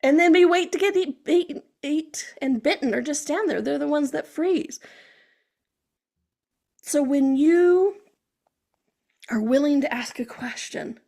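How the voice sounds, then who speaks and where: Gravelly-voiced chatty woman podcast host. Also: high-pitched, measured pace, pauses often. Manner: chatty, animated, frequent "okay?" check-ins. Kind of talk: casual motivational monologue.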